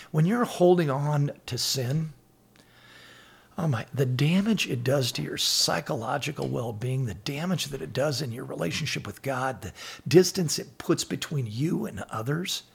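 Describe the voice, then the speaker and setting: A middle-aged man with a gravelly, rough-edged voice tells personal stories in an earnest, conversational way. He quotes scripture and acts out both sides of old conversations. His pitch sits in an ordinary middle range. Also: lively intonation, normal speed. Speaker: podcast guest sharing faith stories. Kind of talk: casual faith talk.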